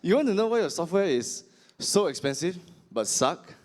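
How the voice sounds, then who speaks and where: A man's voice: high voice, sing-song, normal speed, a little mellow. A man performing a stand-up comedy set with punchy, exaggerated delivery.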